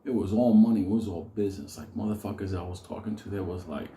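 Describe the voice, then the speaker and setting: Middle aged guy cussing nonstop telling a crazy story, dark mellow voice, echoey room. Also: low-pitched, fast, slight background noise. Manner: rambling, heavy swearing, laughs through the telling. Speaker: storyteller host. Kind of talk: profane comedic storytelling.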